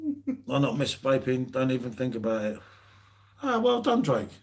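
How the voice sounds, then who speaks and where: A man's voice: mid-range voice, big pitch swings, normal speed. A man co-hosting a live beer stream, joking and bantering and calling everyone mate. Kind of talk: casual chat.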